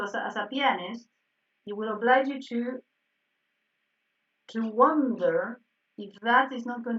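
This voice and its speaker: A woman teaching a piano harmony class online, checking in constantly with "yes?" and correcting herself. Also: on the high side. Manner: animated, frequent "yes?" checks and self-corrections. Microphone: video call. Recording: distant, dull video-call audio.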